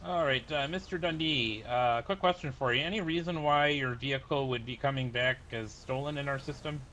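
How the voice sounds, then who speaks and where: A man's voice: medium pitch, fairly quick, pushed and bright. A man playing a polite sheriff's deputy in a game roleplay, hesitant and full of "uh"s. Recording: dull lo-fi mic with faint noise.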